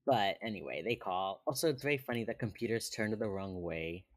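A podcast co-host recaps an episode in laid-back casual chat, chuckling often. His voice is on the low side, expressive and brisk.

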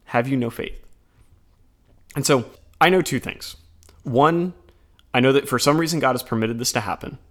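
A man co-hosting a podcast, talking through scripture readings in an earnest, conversational way, with animated retellings. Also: mid-range voice, normal speed, long pauses. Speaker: podcast co-host. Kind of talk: casual chat about scripture readings.

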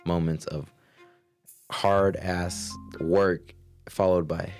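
Young man, deep voice, animated storyteller who mimics coworkers; faint background music. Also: brisk. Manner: animated storytelling, acts out coworkers' lines in Spanish and English. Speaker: guest. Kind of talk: casual chat.

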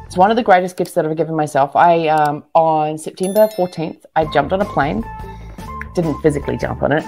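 A woman's voice: deep voice, gravelly, a little mellow. A woman, a guest entrepreneur giving earnest, motivational advice in casual interview talk with frequent ums and restarts. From New Zealand. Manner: earnest, motivational, many fillers.

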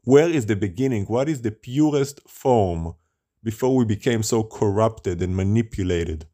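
A man's voice: on the low side, normal speed, warm tone. A man preaching as a rabbi, with rhetorical questions and a scornful tone. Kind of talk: sermon.

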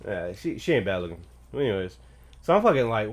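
A man's voice: on the low side, very animated, fast talker. Young man telling a rowdy profane story. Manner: profane, laughing, rambling storyteller. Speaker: podcast co-host. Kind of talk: casual storytelling chat.

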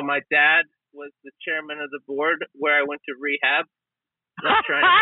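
A man's voice: fairly high pitch, breathy edge, no room sound, narrow, tinny audio. A man doing an awkward, self-mocking stand-up set on a club stage. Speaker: stand-up comedian.

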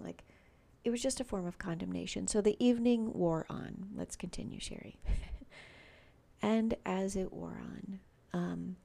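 Chatty woman podcaster with a gravelly, mellow voice. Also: medium pitch. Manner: chatty, personal, frequent fillers. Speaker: podcast host. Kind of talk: faith-based podcast monologue.

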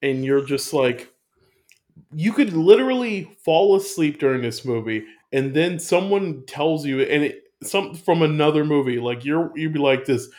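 A man chatting casually about a film, animated and profane, rambling with restarts as he talks. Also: on the high side, normal speed. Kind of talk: casual movie review chat.

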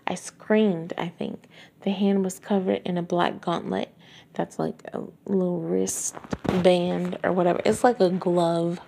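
A woman's voice: fairly low pitch, level tone, measured pace, gravelly, mellow, slight background noise. A woman reading a novel aloud and breaking off for chatty asides full of fillers and likes. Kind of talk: book reading with casual commentary.

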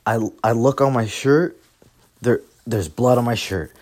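A man's voice: medium pitch, a little slow, a little mellow. Young man telling profane, rambling stories. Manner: profane, rambling, laughs through his stories. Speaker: podcast host. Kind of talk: casual solo storytelling.

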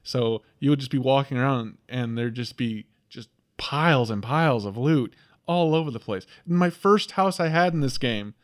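A man's voice: mid-range voice, moderate pace. A man co-hosting a casual chat, telling a rambling story and laughing often. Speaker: podcast co-host. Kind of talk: casual chat about a video game.

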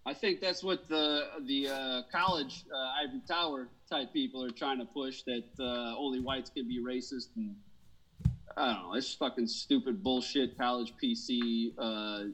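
A man's voice: medium pitch, fairly even intonation, moderate pace, fairly bright tone, a little hiss or hum, poor audio. A man hosting a casual podcast chat who rants in a heated, profane way. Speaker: podcast host.

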